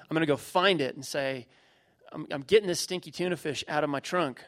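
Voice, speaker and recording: A man's voice: on the high side, normal speed, a bit bright. A middle-aged man preaching a sermon, emphatic, repeating key phrases and using everyday illustrations. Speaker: pastor.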